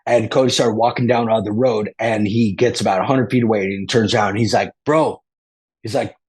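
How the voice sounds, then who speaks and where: A man's voice: fairly low pitch, fairly even intonation, fast talker, darkish tone, husky. A man as a guest, telling a rambling story with lots of restarts and casual slang like "dude" and "bro".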